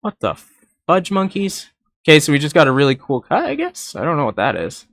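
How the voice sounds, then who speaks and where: A man's voice: fairly high pitch, huge pitch swings, a little fast, vocal fry, a bit bright, no echo. A young man reviewing an anime episode in a rambling, casual way, laughing often and swearing now and then.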